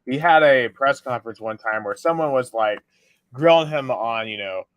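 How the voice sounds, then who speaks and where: A man co-hosting a casual sports podcast, telling a story in a relaxed way. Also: mid-range voice, moderate pace, no room sound. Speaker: podcast co-host.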